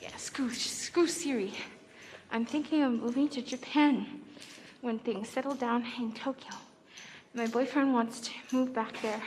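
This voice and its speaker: A woman's voice: fairly high pitch, steady tone, measured pace, darkish tone, slight background noise. A woman livestreaming in casual chat, talking to her viewers and often dropping into whispers. She speaks into a phone held close to her face, first indoors and then out on city streets. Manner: chatty, talks to viewers, drops to whispers.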